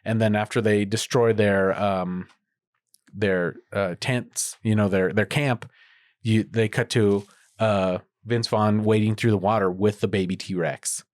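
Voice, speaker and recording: Fairly low and fairly even in intonation, this podcast co-host speaks at a measured pace in casual chat, rambling with many fillers and false starts. The studio sound is clean, with no room sound.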